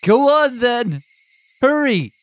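A man voicing an angry teenage boy in a visual novel, shouting commands at a friend. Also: very high voice, big pitch swings, slow, pitched above the performer's own voice, heavily acted.

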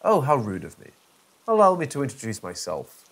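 A nasal, self-satisfied villain, as a man puts him on for a spooky story reading, talking in a lively sing-song with a husky edge. He monologues about himself with pompous relish, smug and theatrical. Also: medium pitch, a little fast.

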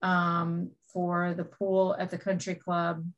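Slow, flat-voiced woman giving a report. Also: on the low side, lo-fi sound. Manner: hesitant, many fillers. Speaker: committee liaison. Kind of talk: meeting report.

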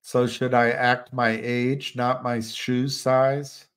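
A man's voice: medium pitch, level tone, slow pace, fairly bright tone, smooth. An older man hosting a live stream, chatting casually and rambling with frequent restarts. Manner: rambling, musing, many restarts. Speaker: livestream host.

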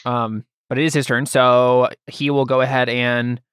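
Casual male GM, mid-pitch, dry close mic, rambling delivery full of "um" and restarts. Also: little pitch movement, a bit bright, clear, resonant tone, dry recording. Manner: loose, halting narration with many fillers and restarts. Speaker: game master. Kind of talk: running a tabletop game, casual.

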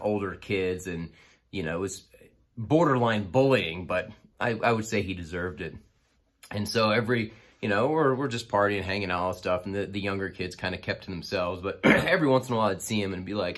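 A man's voice: low voice, brisk, a bit bright. A man casually telling a personal story, rambling with many fillers and restarts.

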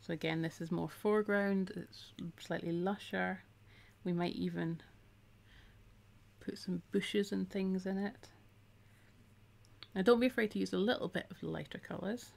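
A woman's voice: mid-range voice, fairly even intonation, normal speed, creaky, pauses often, darkish tone. A middle-aged woman, chatting casually while she teaches a craft on a live stream and reads out viewer comments.

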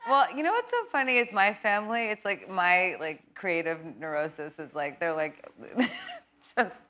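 A woman's voice: mid-range voice, normal speed, background noise. Laughing woman guest telling stories. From New York. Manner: animated, laughing storyteller. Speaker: talk show guest. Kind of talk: casual chat.

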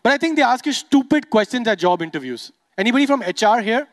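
A young adult man from Dubai works a stand-up crowd in a high, bright voice. He talks quickly and playfully, teasing audience members as he goes. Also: lively intonation. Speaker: stand-up comedian. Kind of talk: stand-up comedy set.

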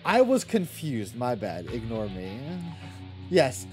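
A man's voice: medium pitch, huge pitch swings, slow pace, faint music behind. A man streaming a video game from home, chatting casually with viewers, reading and answering chat, swearing freely and laughing often.

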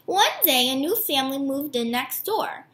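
A woman teacher reading a picture book aloud to her students, warm and animated. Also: sits high, normal speed, slight background noise. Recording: echoey room.

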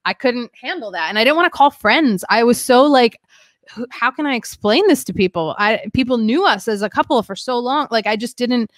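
A woman's voice: fairly high pitch, animated, fairly quick, no room sound. A young woman, a podcast guest, telling her story in a rambling, candid way, full of "like" and restarts. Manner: rambling, heavy use of "like", frequent restarts.

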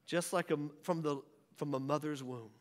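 High-voiced preacher in a reverberant hall. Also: male voice, normal speed. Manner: swings from raised preaching to hushed near-whispers. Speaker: pastor. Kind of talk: sermon. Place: church sanctuary.

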